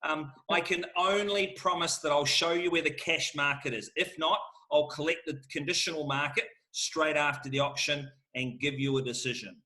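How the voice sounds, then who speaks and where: A man's voice: fairly high pitch, moderate pace, hardly any pauses, bright, forceful tone. A middle-aged man, answering questions as an auctioneer in an emphatic, fired-up salesman manner. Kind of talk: lively Q&A answers.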